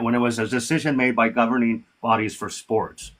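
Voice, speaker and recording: A man's voice: medium pitch, steady tone, fairly quick, few pauses, a bit bright. A man hosting a live-stream debate, combative and profane, talking over his guest.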